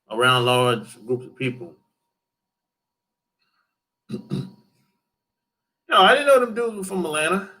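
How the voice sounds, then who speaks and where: Speaking from his Atlanta home, this man runs a casual livestream where he answers viewers about dating, since that's his YouTube niche. He rambles, circles back to the same points and curses freely. His voice sits on the high side, bright and forceful.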